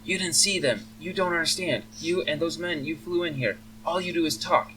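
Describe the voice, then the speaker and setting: A haunted young elf woman, as a man puts her on speaks high and urgently, close to breaking. Her voice sits well above the reader's own, distant from the mic over a faint hum. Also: moderate pace, sharp tone. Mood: accusing. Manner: pleading, high-pitched and urgent. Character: frightened young female elf, haunted and desperate.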